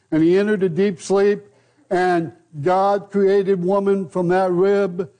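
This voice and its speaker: An older American man preaching a sermon, slow and deliberate, with rhetorical questions and repeated phrases. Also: high-pitched, warm tone. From United States.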